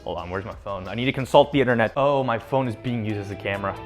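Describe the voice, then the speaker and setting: A man's voice: on the low side, fast, soft background music. A young man hosting a casual cooking vlog from his home kitchen, rambling and cracking self-mocking jokes as he works. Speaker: home cook vlogger.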